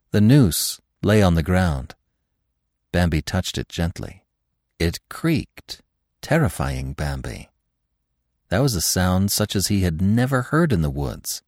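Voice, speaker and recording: Male storyteller, deep and unhurried, dramatic swings in pitch; dry studio sound. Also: no room sound. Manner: expressive, dramatic reading. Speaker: narrator. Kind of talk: audiobook storytelling.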